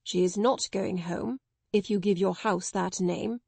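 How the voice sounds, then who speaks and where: A woman reading an audiobook, voicing a firm, restrained gentleman who holds his temper in check. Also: medium pitch, steady tone, unhurried, vocal fry, husky, no echo. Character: hot-tempered gentleman guardian, kind but firm.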